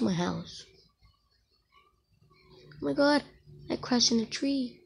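A woman chatting her way through an online game in a casual, excitable voice. She speaks at an unhurried pace, with a voice a touch higher than most, and keeps breaking into exclamations. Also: vocal fry, slight background noise. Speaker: gamer.

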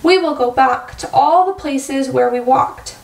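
A woman's voice: high-pitched, a little slow. A woman voicing a kind, helpful male frog in a picture-book read-aloud, talking in a reassuring, cheerful way. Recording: echoey room, far-off mic.

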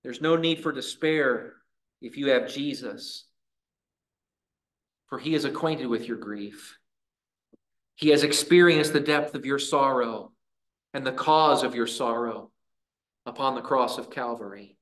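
A man preaching a sermon in a church, earnest, with dramatic pauses and voiced prayers. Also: mid-range voice, fairly bright tone. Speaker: pastor.

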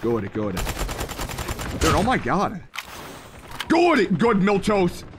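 A young man hosting a live gaming stream, excitable and rambling, forever saying "okay" and "bro". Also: a little high, slow. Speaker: streamer host. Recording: noisy game stream with gunfire. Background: gunfire from the game.

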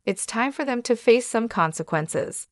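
A woman's voice: a little high, animated, normal speed, no room sound, clean studio sound, natural voice. A woman voicing a loyal woman friend who speaks firmly and with determination, in an audio story. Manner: firm and determined. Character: firm, loyal woman friend, scheming and mischievous.

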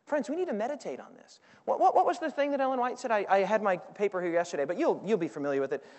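A man preaching a sermon to a congregation, moving between loud, emphatic stretches and quiet ones, and asking the audience for responses. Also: sits high, animated, quick pace. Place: large hall with audience. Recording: long hall reverb.

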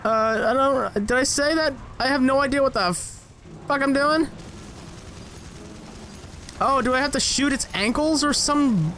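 High-voiced, rambling young man gaming. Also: measured pace, pauses often, slight background noise. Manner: rambling, self-mocking, jumps to high excited yelps. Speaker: gaming channel host. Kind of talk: casual gameplay commentary.

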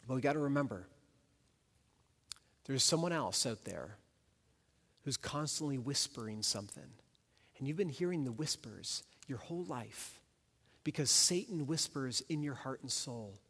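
A man's voice: medium pitch, animated, measured pace, pauses often, fairly bright tone, breathy edge. Man preaching in a reverberant church. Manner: emphatic, repetitive preaching cadence. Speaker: senior pastor. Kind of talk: sermon. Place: church sanctuary.

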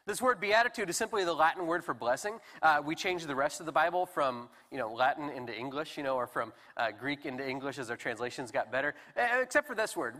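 A man preaching a sermon in a relaxed, conversational and self-deprecating way with animated emphasis. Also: on the high side. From United States. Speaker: pastor. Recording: long hall reverb.

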